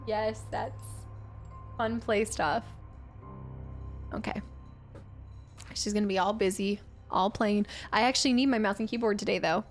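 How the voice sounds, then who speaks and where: A woman's voice: medium pitch, steady tone, a little slow, long pauses, soft background music. A woman streaming a game live and chatting casually as she thinks aloud through puzzles. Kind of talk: live gameplay commentary.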